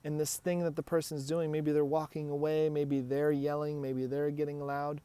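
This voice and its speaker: A man's voice: on the high side, level tone, moderate pace, dark tone, clean tone, dry recording. A man speaking as a hypnotist and relationship coach, giving earnest, direct advice on handling emotional triggers. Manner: earnest, coaching, acts out example dialogues.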